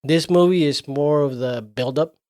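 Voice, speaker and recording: A man co-hosting a podcast, talking about a movie in a relaxed, rambling and profane way. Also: on the high side, moderate pace, dry recording, clean studio sound. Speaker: podcast co-host. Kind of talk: casual movie chat.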